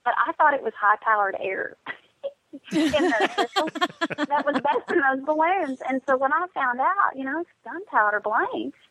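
A woman's voice: high-pitched, expressive, measured pace, a bit bright, no room sound. A woman country singer calling in as a radio guest, talking in a bubbly, effusive, gushing way. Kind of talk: casual radio interview. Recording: muffled phone line.

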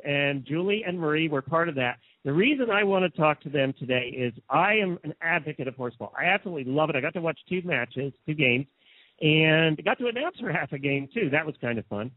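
The man's voice has a fairly high pitch, captured in a dry, phone-like, narrow recording with no echo. He hosts a casual radio interview in the Lexington area of the United States, chatty and enthusiastic as he tells his stories.

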